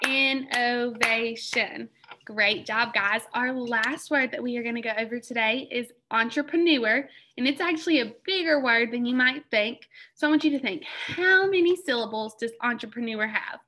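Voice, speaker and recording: A young woman leads a phonics lesson for children. Her voice sits fairly high and sounds bright and crisp, and she stretches key words out slowly and clearly between cheerful praise. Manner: encouraging, slow careful pronunciation of words. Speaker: teacher.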